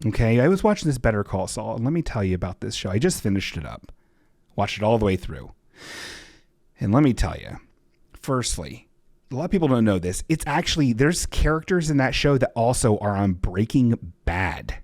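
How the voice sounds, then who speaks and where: A man hosts a livestream podcast, chatting casually in a rambling, jokey way full of sarcastic asides, with looping background music playing underneath. His voice is on the low side and darkish, with big pitch swings at normal speed, in clean studio sound with no echo.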